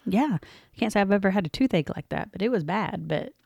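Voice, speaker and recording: A woman's voice: mid-range voice, expressive, brisk, vocal fry, darkish tone, slightly rough, no room sound, clean studio sound. A woman from Oklahoma with a Southern US accent, co-hosting a podcast in casual chat, candid and plainspoken. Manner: candid, plainspoken, laughs easily. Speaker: podcast co-host.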